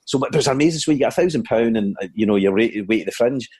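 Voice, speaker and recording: A middle-aged Scottish comedian telling anecdotes in an interview, chatty, with many restarts. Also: male voice, medium pitch, lively intonation, racing, darkish tone, husky. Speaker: comedian and guest. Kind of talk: storytelling in an interview.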